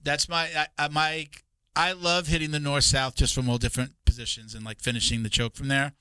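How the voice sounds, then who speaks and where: A man's voice: on the high side, little pitch movement, fairly quick, sharp tone, smooth, no room sound. A middle-aged man hosting a podcast, laughing often and asking easygoing questions. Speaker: podcast host. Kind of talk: casual interview chat.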